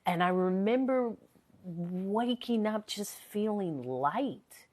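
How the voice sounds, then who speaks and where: A woman's voice: medium pitch, expressive, slow, darkish tone. A woman hosting a live stream, talking earnestly and motivationally, repeating phrases for emphasis, her voice a little worn from a sore throat. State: recovering from a sore voice. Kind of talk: casual live-stream chat.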